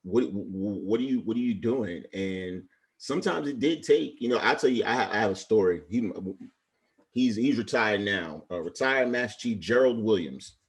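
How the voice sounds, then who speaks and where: A man's voice: fairly low pitch, moderate pace. A man in his forties from Brooklyn, a retired Navy chief telling stories with passion and earnest feeling in a casual interview. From Brooklyn, New York. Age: 40s.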